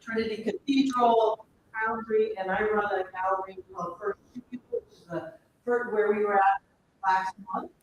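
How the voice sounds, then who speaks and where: A woman gallery owner making a quick, emphatic announcement at an event. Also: mid-range voice, far from the mic, dull audio, slight background noise. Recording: echoey room, speaker away from the mic.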